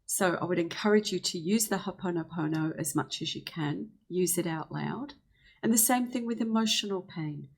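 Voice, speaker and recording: A woman giving a gentle, earnest spiritual healing talk, slowing down to speak affirmations. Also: fairly low pitch, creaky, husky. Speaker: spiritual teacher.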